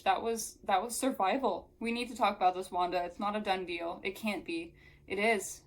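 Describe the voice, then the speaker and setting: A woman's voice: medium pitch, fairly even intonation, moderate pace, low-quality recording. A young woman reading a novel aloud and breaking off into sarcastic, exasperated commentary filled with "like.". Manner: sarcastic, exasperated asides full of "like". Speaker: book reviewer.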